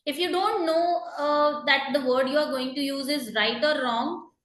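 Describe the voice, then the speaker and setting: A woman with a high, bright voice teaches an exam-prep lesson in an echoey room. She explains patiently, fills pauses with "uh" and "you know", and keeps repeating her main points. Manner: patient and explanatory, many fillers and repeated reminders. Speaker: IELTS teacher. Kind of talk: online lesson, explaining to students.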